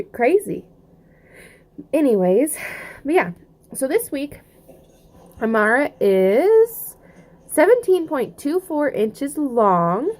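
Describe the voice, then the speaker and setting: A woman's voice: on the high side, a little mellow. Chatty young Southern woman vlogging. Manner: chatty, rambling, many fillers and restarts. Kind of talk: casual pregnancy update vlog.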